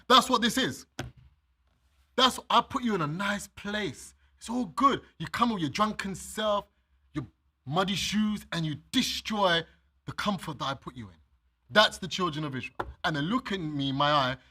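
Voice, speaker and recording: A man's voice: a little high, bright, forceful tone. A man preaching a sermon. He reads scripture aloud, explains it, and speaks straight to his listeners with everyday examples. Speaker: minister.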